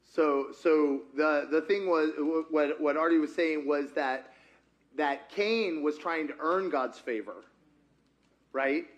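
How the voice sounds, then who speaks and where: Man, pastor, high voice, animated interactive sermon, acts out dialogues. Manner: animated, talks with the congregation, acts out dialogues with God.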